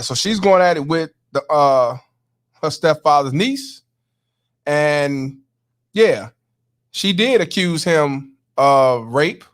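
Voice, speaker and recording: Guy hosting a reaction stream, kinda high voice, laid back and cussing while he explains. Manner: casual and profane, explaining clips to viewers. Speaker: host. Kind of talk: commentary reacting to clips.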